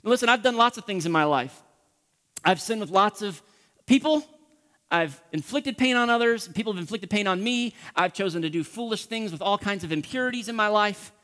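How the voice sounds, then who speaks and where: A male pastor preaching with passion in a high, ringing voice. He acts out pleading prayers, rising to near shouts and sinking to hushed whispers. His sermon carries a long reverb from a large church hall. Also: animated, fairly quick.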